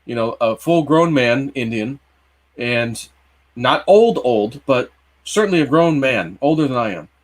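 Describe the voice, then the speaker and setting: Speaking at a measured pace with lively intonation, a mid-range-voiced livestream co-host in his early forties rambles through a long personal story. He uses lots of fillers and keeps restarting his sentences.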